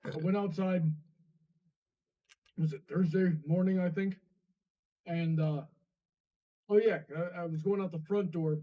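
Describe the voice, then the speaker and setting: A man's voice: high-pitched, steady tone. Muffled distant man telling a story. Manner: rambling, halting, many fillers. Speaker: co-host. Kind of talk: casual storytelling on stream.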